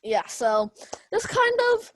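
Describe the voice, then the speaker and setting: A woman's voice: a little high, very animated, slow, a bit bright, no echo. A young woman teaching an online speech class over a video call, hesitant, with many fillers and small laughs. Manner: hesitant, many ums and kind-ofs, laughs often.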